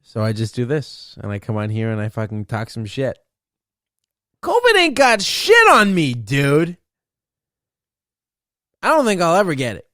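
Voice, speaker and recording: A man's voice: mid-range voice, expressive, moderate pace, long pauses, no echo, clean studio sound. A young man hosting a solo podcast, ranting in a profane, boastful, rambling way. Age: young adult. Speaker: podcast host.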